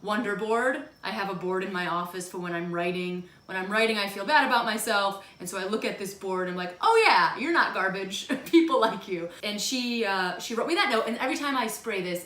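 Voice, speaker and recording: A woman's voice: a little fast, fairly bright tone. A woman, in her thirties, chatting casually in a vlog at home, self-deprecating and jokey. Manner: chatty, self-deprecating, bursts into silly high voices. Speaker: vlogger. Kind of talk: casual monthly favorites vlog. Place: home room. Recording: echoey room.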